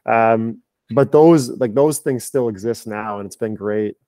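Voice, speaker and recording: A man in his thirties, a high performance coach, talking candidly on a podcast, rambling with fillers and restarts. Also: measured pace, warm tone, no echo. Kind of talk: casual podcast conversation.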